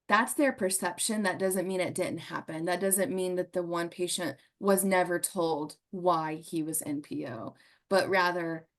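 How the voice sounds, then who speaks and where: A woman guest on a podcast, telling a story in an earnest, emotional way and often laughing as she talks. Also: on the low side.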